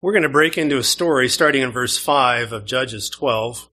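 A Canadian pastor with a Canadian accent preaches a sermon in church, speaking conversationally and putting questions to the congregation. His voice is mid-range and sharp-toned, at a normal speed.

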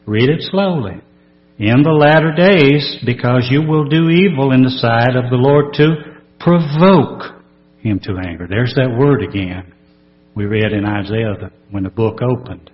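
A man's voice: medium pitch, a little slow. Earnest male preacher, dull lo-fi recording. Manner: earnest, reads scripture aloud with emphatic rises. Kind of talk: sermon.

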